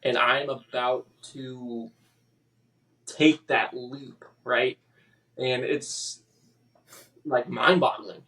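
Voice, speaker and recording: Male guest, mid-pitched, halting emotional storyteller, slightly distant mic. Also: fairly even intonation, a bit bright. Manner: halting, emotional, with many restarts and fillers. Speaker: podcast guest. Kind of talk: personal story in a podcast interview.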